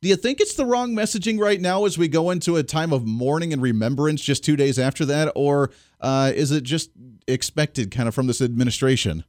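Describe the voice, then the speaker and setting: A man's voice: a little high, brisk, darkish tone, no echo, studio quality. Emphatic man hosting political talk radio. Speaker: radio talk show host.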